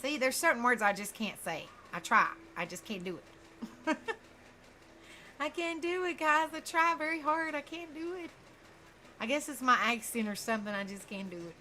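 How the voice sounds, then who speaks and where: A woman's voice: sits high, normal speed, bright, forceful tone, slight background noise. A woman hosting true crime reaction commentary, talking straight to her viewers, outspoken, often stumbling over words.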